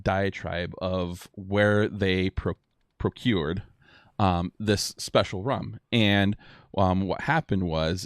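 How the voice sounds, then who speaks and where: A man's voice: deep voice, no echo, studio quality. A man narrating a tabletop role-playing game as game master, hesitating often with fillers and restarts. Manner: halting, with many fillers and restarts.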